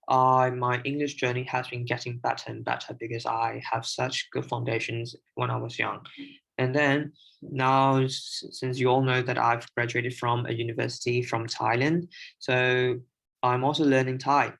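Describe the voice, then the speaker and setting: A young Burmese-speaking man from Myanmar shares language-learning tips on a casual livestream, his speech halting, hesitant, and full of restarts and fillers. His gravelly voice is medium in pitch, slightly bright, and fairly flat in intonation, and the audio quality is poor.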